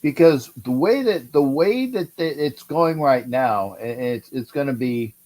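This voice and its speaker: A middle-aged man hosting a livestream, calling a football game and answering chat, excitable and repeating himself as he urges his team on. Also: medium pitch, measured pace. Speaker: livestream host. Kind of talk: live game-watch commentary with chat.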